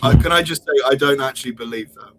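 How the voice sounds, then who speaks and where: A man's voice: mid-range voice, fast, a bit bright. A young man hosting a stream, chatting in a goofy, joking way. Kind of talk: casual chat.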